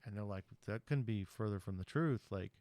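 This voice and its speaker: A man with a lowish voice talks through a film's plot in a loose, casual podcast recap. He rambles and hedges with frequent ums. The sound is dry and close, with no room echo. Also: a little fast, darkish tone. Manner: rambling, chatty retelling with frequent ums and you-knows. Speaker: podcast host.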